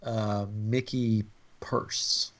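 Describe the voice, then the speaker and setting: A man's voice: fairly low pitch, little pitch movement, extremely slow. A man in his thirties co-hosting a podcast, telling a family vacation story in a rambling, chatty way. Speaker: podcast co-host. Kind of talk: casual trip-story chat.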